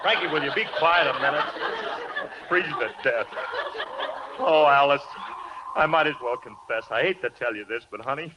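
A man's voice: fairly high pitch, brisk, muffled recording. A man leading a 1940s radio comedy, blustering and theatrically panicky. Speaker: comedy show host and lead. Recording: hissy old radio recording.

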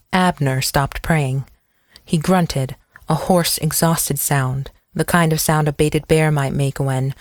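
An audiobook narrator reading a novel in a measured, descriptive storytelling manner. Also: medium pitch, no echo, studio quality. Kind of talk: scripted narration.

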